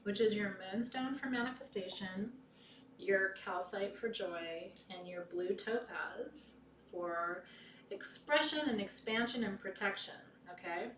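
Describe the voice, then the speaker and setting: A woman leading an online pagan ritual in a soft, heartfelt, intimate way, sometimes dropping to a whisper. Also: mid-range voice, expressive, a little slow. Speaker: ritual leader. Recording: echoey room, distant mic, faint noise.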